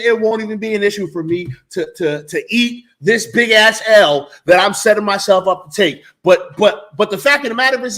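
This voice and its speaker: A man's voice: high-pitched, fairly bright tone. A man co-hosting a sports talk show, arguing his predictions emphatically, repeating words and swearing freely. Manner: emphatic, profane, repeats himself. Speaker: sports podcast co-host. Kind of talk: heated casual sports debate.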